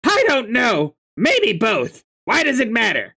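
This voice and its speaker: A reader voicing a hot-tempered young male troll who shouts and rants in exasperation. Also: mid-range voice, huge pitch swings, takes it slowly, gravelly, slightly rough, voice pushed up, full character voice. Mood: angry ranting.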